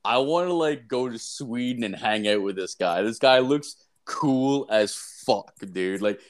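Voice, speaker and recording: A man's voice: mid-range voice, animated, unhurried. A young man co-hosting a podcast in casual chat, telling crude stories with heavy swearing and filler words. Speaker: podcast co-host.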